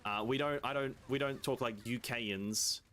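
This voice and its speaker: A man's voice: medium pitch, moderate pace, pushed and bright. A young man with an Australian accent, chatting casually and rambling with viewers while he streams a game. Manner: laid-back, rambling, swears casually. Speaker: gaming streamer.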